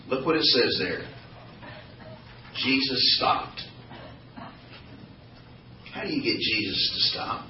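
Taking it slowly and pausing often, a medium-pitched man leads an informal Bible study sermon for a small group, animated and joking while posing questions to them. A little hiss or hum sits under the roomy, distant, dull recording.

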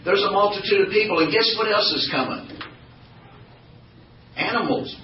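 Speaking at a normal speed in a high-pitched voice, a man delivers an informal sermon to a small Bible study group. He stays animated, asking them questions and joking as he goes, while the roomy, distant, dull audio picks up slight background noise.

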